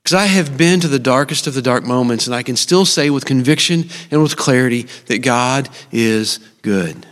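A man's voice: mid-range voice, moderate pace, few pauses, a bit bright. A middle-aged man, preaching a sermon in an earnest, personal storytelling style with touches of humor. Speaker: speaker at a church service. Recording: long reverb of a large hall.

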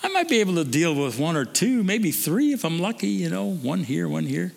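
A male preacher with a high-pitched voice delivers a sermon. He swings from emphatic declaiming down to soft, low musing. The sound rings with a long hall reverb. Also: sing-song, fairly quick, gravelly. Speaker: pastor.

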